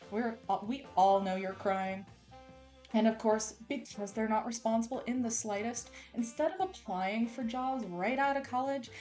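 A woman's voice: on the high side, darkish tone. Playful woman reading a romance novel aloud. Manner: playful, sarcastic asides, laughs at herself. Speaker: audiobook reader. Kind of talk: dramatic casual book reading.

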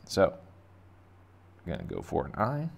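A man's voice: deep voice, wildly swooping pitch, unhurried, vocal fry. A man teaching kids to draw in a casual, rambling, jokey way, thinking aloud as he sketches. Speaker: art teacher. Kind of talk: casual drawing lesson for kids.

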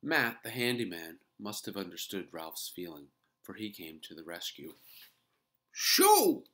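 A woman reading a children's chapter book aloud in an expressive storytelling manner. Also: very deep voice, normal speed.

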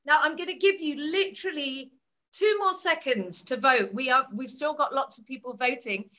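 A woman with a high, bright voice, speaking at a book launch. She tells her stories and explains ideas one step at a time, as a co-author presenting her book. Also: moderate pace.

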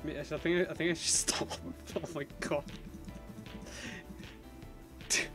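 A young man streaming a game, excitable and panicky, laughing often as he chats. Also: a little high, a little slow, long pauses, music in the background. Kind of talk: gaming livestream chat.

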